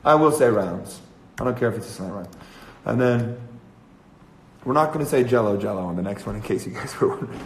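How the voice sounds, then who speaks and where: A man's voice: fairly low pitch, lively intonation, a little fast, roomy sound, a little hiss or hum, low-quality recording. Man sketching a song aloud, singing fragments. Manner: muses aloud, then sings trial lines over music; soft, trailing speech between sung phrases. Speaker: musician. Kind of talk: songwriting livestream, thinking aloud.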